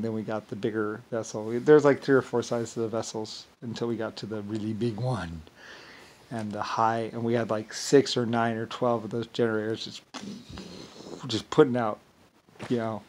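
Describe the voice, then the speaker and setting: A man talking in a rambling monologue, halting and repetitive, with many fillers and restarts. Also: mid-range voice, darkish tone, slight background noise. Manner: chuckles while telling stories.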